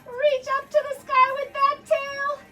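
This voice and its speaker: A woman's voice: very high-pitched, completely flat delivery, a little slow, pushed and bright, soft background music. A woman teaching children a dance storytime from her basement, playful and encouraging, laughing often and making animal sounds. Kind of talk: guided movement storytime for kids. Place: home basement.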